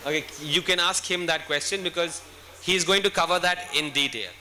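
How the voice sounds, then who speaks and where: Bright-voiced man coaching students. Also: fairly high pitch, a little fast, slight background noise. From India. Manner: instructive, repeats "okay?" to check listeners. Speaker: guest speaker answering student questions. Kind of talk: Q&A session at a school event.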